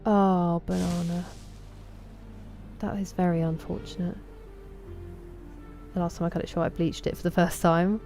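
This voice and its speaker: Low, mellow Sussex woman streaming. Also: level tone, moderate pace, pauses often, soft background music. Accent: Sussex English. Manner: chatty, greets viewers by name. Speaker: game streamer. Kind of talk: casual live-stream chat.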